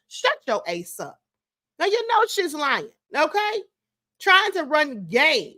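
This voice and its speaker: A woman's voice: high voice, big pitch swings, slow pace, bright, forceful tone, no echo, clean studio sound. A woman hosting a live stream, giving sassy, scolding commentary straight to her viewers. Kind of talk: casual commentary.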